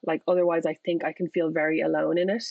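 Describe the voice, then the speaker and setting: A woman's voice: low voice, little pitch movement, quick pace, vocal fry, no room sound. A woman author speaking as a podcast guest, candid and reflective, often restarting her sentences. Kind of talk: casual conversational interview. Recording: dull, lo-fi audio.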